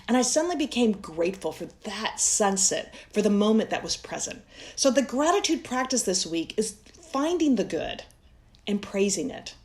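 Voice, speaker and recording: A woman's voice: mid-range voice, very animated, normal speed, darkish tone. A woman in her fifties teaching a mindfulness lesson, telling a personal story in an earnest, heartfelt way.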